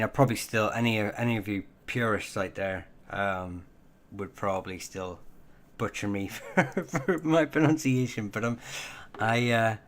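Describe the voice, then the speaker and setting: A man's voice: sits low, a bit bright. A man hosting a casual live Q&A stream on surnames and heraldry, talking in a hesitant way full of ums and self-corrections. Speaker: livestream host answering viewer questions on Irish surnames.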